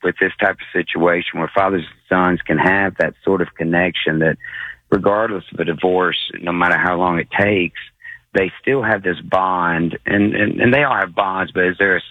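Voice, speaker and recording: A man in his forties calling in to a radio show, speaking haltingly with many pauses and fillers. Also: low voice, no room sound. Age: 40s. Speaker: caller. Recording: tinny phone line.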